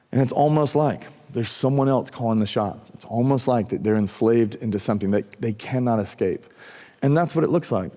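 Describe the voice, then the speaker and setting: A man preaching a sermon as a pastor, in a casual, conversational way, often acting out what people say. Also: mid-range voice. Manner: conversational, animated, acts out quoted voices. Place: church auditorium. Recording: long reverb of a church hall.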